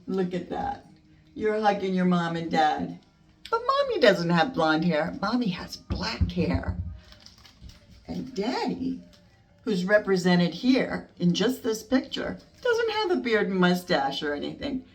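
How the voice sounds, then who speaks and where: Older woman as a grandmother reading to a baby: unhurried and gentle, sing-song, set back from the mic. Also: mid-range voice, big pitch swings, far from the mic. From United States. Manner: slow, gentle, sing-song storytime voice with asides. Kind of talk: reading a picture book to a baby.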